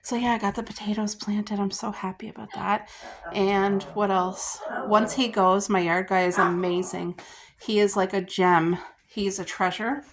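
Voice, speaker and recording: A woman's voice: mid-range voice, flat delivery, measured pace, background noise. Chatty, gushing woman vlogger. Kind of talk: casual chat to camera. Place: garden outdoors.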